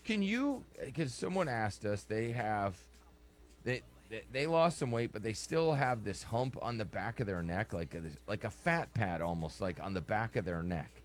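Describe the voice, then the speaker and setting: A man's voice: lowish voice, expressive, normal speed. A man hosting a casual talk show, asking the guest blunt questions and teasing his co-hosts. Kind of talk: casual radio chat.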